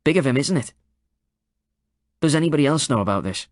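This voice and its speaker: A man voicing a sharp, skeptical male journalist who probes in a sardonic way. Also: on the high side, lively intonation, a little fast, dry recording, clean studio sound, close to an everyday voice. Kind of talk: audiobook character voice.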